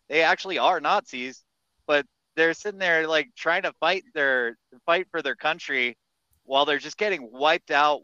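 Crisp-voiced man on a dull, dry mic. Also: mid-range voice, pushed and bright, dry recording. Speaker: podcast co-host or guest. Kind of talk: casual chat.

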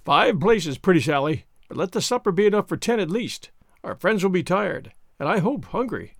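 Brief: male narrator as a gallant young lord, genteel and hearty, expressive delivery. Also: sits high, normal speed, no room sound, clean studio sound.

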